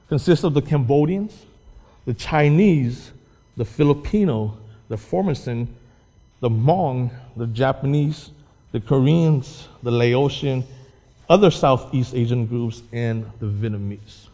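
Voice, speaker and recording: A man's voice: medium pitch, a little slow, dark tone. A man, a Hmong pastor, giving an informal talk to a church, explaining patiently and often repeating or restarting his words. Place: church hall. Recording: long echo of a large hall.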